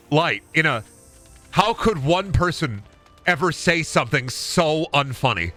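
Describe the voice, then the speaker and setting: Animated rambling male streamer. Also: fairly high pitch, measured pace, soft background music. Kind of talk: casual live-stream chat.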